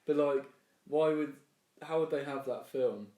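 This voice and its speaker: A man's voice: fairly high pitch, measured pace, dark tone, far from the mic. A young man co-hosting a podcast, making dry, teasing quips in casual banter. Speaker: podcast co-host. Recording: roomy recording, off the mic.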